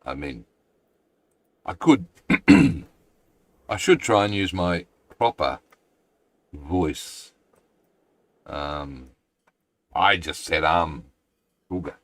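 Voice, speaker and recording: Deep-voiced rambling Australian man. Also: extremely slow, long pauses, fairly bright tone, no echo, rough recording. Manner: rambling, chatty, self-deprecating. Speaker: game streamer. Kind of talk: casual live-stream chat.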